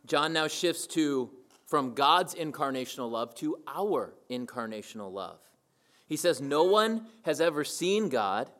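A man's voice: on the high side, animated, a little slow, a bit bright. Emphatic man preaching a sermon. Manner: emphatic, repeats key phrases for weight. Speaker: pastor.

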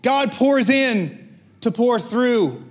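A man with a notably high voice preaches a sermon in an easy, conversational way. He asks his listeners rhetorical questions and slips in light jokes between scripture readings. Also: animated, extremely slow. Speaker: pastor.

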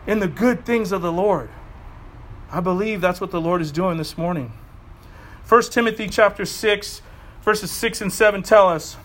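A man's voice: sits high, a bit bright. A middle-aged male pastor preaching a sermon in a fired-up, conversational way with casual asides.

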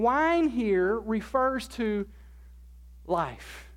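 A pastor preaching a sermon, stressing key words by slowing down and repeating them, asking the congregation questions and answering them. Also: medium pitch, lively intonation.

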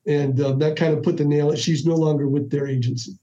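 A middle-aged man tells his stories on a podcast with a high, mellow voice. He acts out each exchange with restarts and asides, and the audio is dull and lo-fi. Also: brisk. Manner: animated, acts out dialogue with restarts. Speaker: podcast guest. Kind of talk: casual storytelling.

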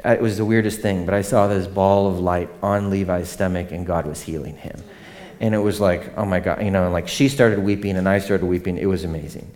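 A man in his thirties preaching a sermon, conversational and animated, often turning to ask the congregation questions. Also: deep voice, brisk. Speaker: pastor.

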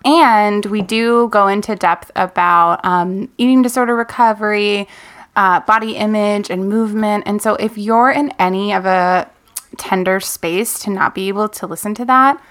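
A woman in her thirties co-hosting a podcast, calm and measured, with an earnest, professional way of speaking. Her pitch sits in an ordinary middle range, and she keeps her tone even while she chats. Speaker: podcast co-host. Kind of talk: casual chat.

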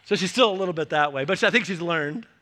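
A man in his forties preaching a sermon as a pastor, telling animated stories and acting out the voices of people in them. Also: a little high, fast talker, a little hiss or hum.

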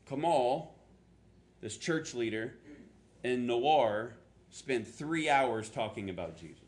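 A man preaching a sermon as pastor, telling a story in an animated way, acting out quotes with sudden jumps in pitch and adding self-deprecating asides. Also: slow, pauses often.

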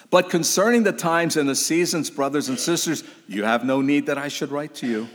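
A man delivers a sermon in a middle-pitched voice, driving his points home with emphatic exhortation and dropping into casual asides. His voice rings out with a long reverb, as in a church hall. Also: moderate pace. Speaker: pastor.

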